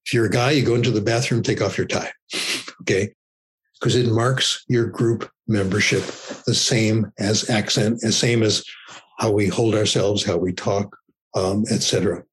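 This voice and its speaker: Older man, husky, easygoing explainer. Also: lowish voice, normal speed, poor audio. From United States. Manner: relaxed, discursive, checks in with "okay?". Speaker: guest, language researcher. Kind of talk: conversational explanation.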